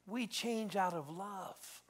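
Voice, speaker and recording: Middle-aged male preacher, raised voice, swings from shouting to hushed, church sermon. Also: sits high, takes it slowly. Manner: preaching storyteller, swings between loud exhortation and hushed intensity. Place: church sanctuary.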